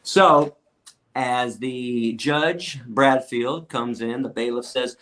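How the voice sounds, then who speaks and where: A man's voice: mid-range voice, slow, a bit bright. A man who is a guest on an interview show tells stories in an emphatic, defiant way and stacks repeated words when he gets worked up. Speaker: interview guest, activist lecturer. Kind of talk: storytelling in a casual interview.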